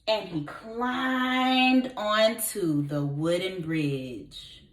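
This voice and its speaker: A woman, a kindergarten teacher, reading a children's story aloud in an expressive voice, pausing to ask the children questions. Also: lowish voice. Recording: echoey room.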